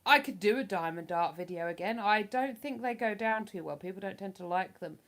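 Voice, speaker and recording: A livestream host chats casually with her viewers, reading out their comments in a rambling, self-deprecating style. She has an expressive mid-range voice and a brisk pace.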